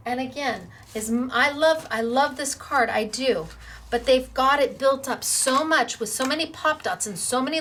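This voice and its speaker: Middle-aged woman hosting a craft tutorial, high-ish bright voice, gushy and encouraging. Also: slight background noise. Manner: bubbly, encouraging, gushing. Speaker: crafting show host.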